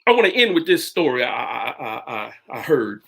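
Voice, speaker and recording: A man preaching a sermon, retelling a story in a halting way with many restarts and sudden jumps in pitch. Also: big pitch swings, gravelly, a bit bright, husky.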